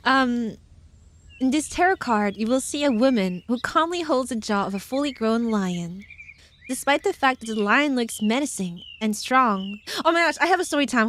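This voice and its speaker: A young woman virtual streamer with a high, slightly bright voice and lively intonation talks a little slowly in a casual stream. She reads tarot card meanings aloud but keeps breaking off to chat playfully, giggling often.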